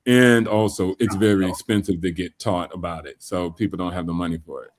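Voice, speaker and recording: A man's voice: low-pitched, fairly even intonation, brisk. A man in a casual roundtable chat, laid-back and slangy.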